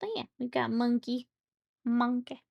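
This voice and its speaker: A woman's voice: medium pitch, moderate pace, gravelly, dry recording, muffled recording. A woman streaming while she paints miniatures, chatting playfully with viewers and laughing often. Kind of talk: casual chat with live chat while painting.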